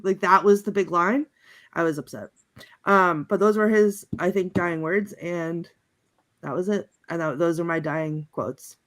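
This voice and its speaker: A woman on a panel chatting casually, halting with many ums and little laughs as she runs through her notes. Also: lowish voice. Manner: chatty, halting, reads out movie quotes with giggles and many ums. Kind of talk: casual chat.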